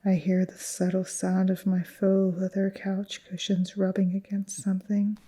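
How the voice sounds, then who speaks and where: A woman narrating a first-person horror story in a tense, hushed, often whispered voice. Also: medium pitch, monotone, a little slow, breathy edge.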